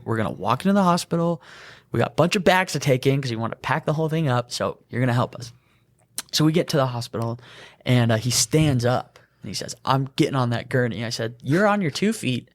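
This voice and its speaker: A young man co-hosting a podcast, telling an animated work story and laughing as he goes. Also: mid-range voice. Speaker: EMT podcast co-host. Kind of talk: casual storytelling chat.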